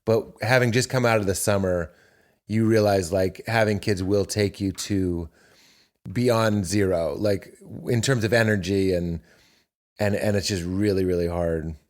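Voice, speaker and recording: A comedian appearing as a guest on a podcast tells stories in an animated way, acting out quotes as the casual conversation goes along. His voice is fairly low and unhurried.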